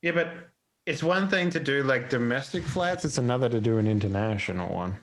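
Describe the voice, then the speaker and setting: A man's voice: medium pitch, brisk. A man playing a tabletop game, chatting in a joking, teasing way. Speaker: player. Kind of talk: casual chat at a game table.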